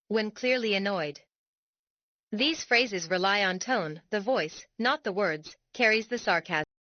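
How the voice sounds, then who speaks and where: A woman giving a scripted explanatory narration for an educational video, reading in a measured, deliberate way. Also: mid-range voice, lively intonation, no room sound, highs cut off.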